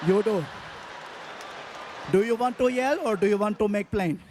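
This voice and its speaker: A man doing stand-up storytelling, animated and acting out voices and crowd sounds. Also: high-pitched, fairly quick, noisy background. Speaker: stand-up comedian.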